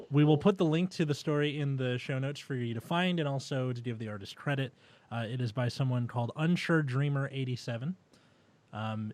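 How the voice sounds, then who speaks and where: A man from California at a middling pitch, co-hosting a comedy podcast. He talks loosely and informally, dropping a casual "dude" and easy swearing into the chat. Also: no room sound. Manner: laid-back, swears casually, says dude. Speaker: podcast co-host.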